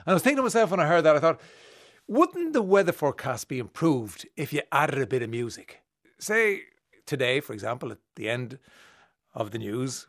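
A man's voice: medium pitch, no room sound, studio quality. A man presenting on radio, teasing and playful in banter.

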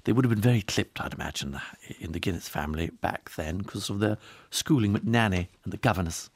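Wry radio host, low voice. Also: male voice, a little fast, no room sound. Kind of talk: chatty radio commentary.

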